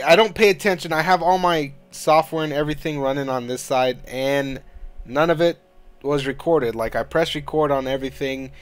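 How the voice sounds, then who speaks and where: A man hosting his own gaming channel, talking through a let's-play in a frustrated, rambling way and swearing a lot. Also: medium pitch. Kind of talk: casual let's-play commentary.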